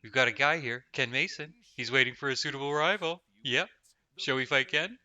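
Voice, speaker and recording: A man's voice: mid-range voice, fairly quick, bright, forceful tone, dry recording. A man reading out a wheedling, fussy male pit bookie from game text in a lightly coaxing tone. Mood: eager.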